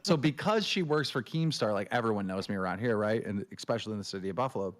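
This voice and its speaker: Guy ranting on a livestream, swears nonstop, does shrill impressions of people. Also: animated, fast. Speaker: show host. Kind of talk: casual livestream chat.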